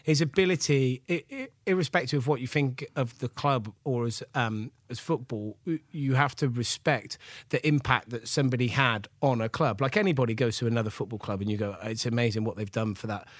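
A man in his forties from England, an animated chef rambling through stories as a podcast guest, with lots of fillers and laughs. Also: mid-range voice, brisk, few pauses, no echo, studio quality. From Gloucester, England. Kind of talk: casual storytelling chat.

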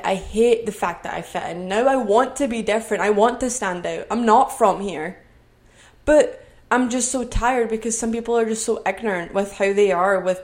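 A woman's voice: mid-range voice, a little mellow. Earnest Scottish woman podcasting. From Scotland. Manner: earnest, motivational. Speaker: podcast host. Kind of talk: solo podcast monologue. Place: her own home.

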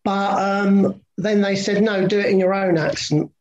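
A man's voice: high-pitched, fairly even intonation, a little slow, dull audio, a little hiss or hum. A man from England, an actor guest on a podcast, talking in a rambling, hesitant way. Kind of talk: casual interview chat.

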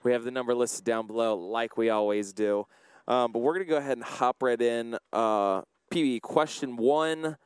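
Smooth-voiced man, easygoing co-host. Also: mid-range voice, moderate pace, no room sound. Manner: relaxed, filler-heavy storytelling. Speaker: podcast co-host. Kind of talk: casual chat.

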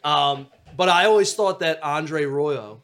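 A man's voice: on the high side, takes it slowly, a bit bright. A man with a Philadelphia accent, hosting a casual podcast chat, talking in a rambling, jokey, profane way. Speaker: podcast host.

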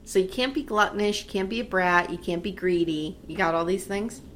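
A woman co-hosting a casual chat, retelling a movie with lively acted-out voices and frequent swearing. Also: medium pitch, a little fast, slight background noise. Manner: animated storyteller acting out movie scenes, swears freely. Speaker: podcast co-host.

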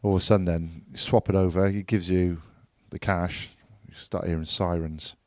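A man's voice: low voice, fairly even intonation, moderate pace, a little mellow, dry recording, clean studio sound. A man in casual chat, adding short teasing remarks to his friend. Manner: short teasing interjections, calls friend mate. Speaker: podcast co-host.

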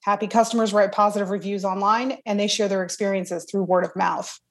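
A woman hosts a podcast. She reads a scripted introduction and asks interview questions in a clear, even, measured tone. Her voice sits at a mid pitch. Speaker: podcast host.

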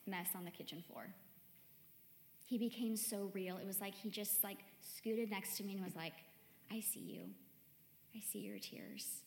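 A woman giving a chatty, conversational sermon to a church gathering, often saying "like". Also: medium pitch. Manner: chatty, warm-hearted, peppered with "like". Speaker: church speaker. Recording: echoey hall with long reverb, faint music.

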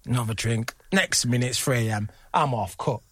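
A man's voice: mid-range voice, fairly quick, a bit bright, husky, no room sound, clean studio sound. A man, a former footballer, telling a casual story as a podcast guest. He laughs often and acts out what other people said.

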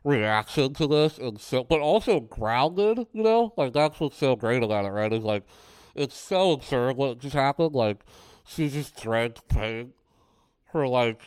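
An animated man co-hosting a podcast in casual chat, his voice smooth and resonant. The sound is dry and close, with no room around him. He talks in loose runs full of fillers. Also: medium pitch, a little slow, no echo. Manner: animated, loose, says "like" a lot. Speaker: podcast co-host. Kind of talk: casual film discussion.

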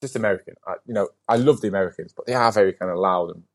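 Chatty man, low voice. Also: racing. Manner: lively storyteller, heavy use of "like", casual swearing. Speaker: podcast guest. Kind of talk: casual interview chat.

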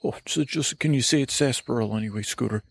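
A man's voice: medium pitch, quick pace, vocal fry, no echo. A man voicing a meek, clingy male sidekick who talks hesitantly and a bit whiny, raising his voice slightly. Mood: timid.

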